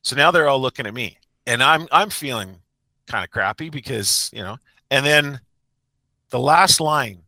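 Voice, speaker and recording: A man's voice: mid-range voice, expressive, moderate pace, sharp tone, no room sound. A man who coaches a sports team, telling a rambling, self-mocking story in a casual podcast chat.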